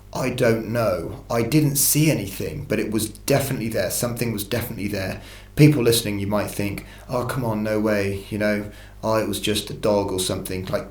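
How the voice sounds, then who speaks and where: Speaking in a lowish voice, a male channel host casually recounts his own encounter story, rambling along with frequent restarts and curses. There's noticeable reverb in the recording.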